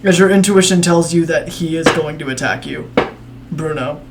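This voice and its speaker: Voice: mid-range voice, moderate pace, noisy background. A game master narrating a tabletop game casually, in a laid-back way, often laughing and trailing off with fillers.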